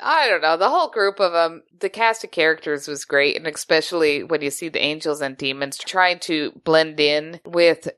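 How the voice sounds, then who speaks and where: Easygoing woman with a lowish voice. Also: normal speed, few pauses, a bit bright, smooth, no echo, clean studio sound. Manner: easygoing, agreeable, lots of "yeah". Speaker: podcast co-host. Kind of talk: casual chat.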